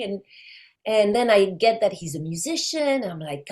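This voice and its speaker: A woman, a guest chatting in an interview and telling lively stories with frequent laughs. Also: mid-range voice, normal speed. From France. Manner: animated storyteller, laughs often. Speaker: guest, actress. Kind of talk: casual interview chat.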